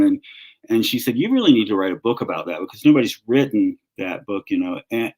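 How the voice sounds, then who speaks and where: A man's voice: on the low side, a little mellow, poor audio. A man in his fifties or older with a Southern American accent, a guest author telling his story in a casual, rambling interview with many restarts. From North Carolina.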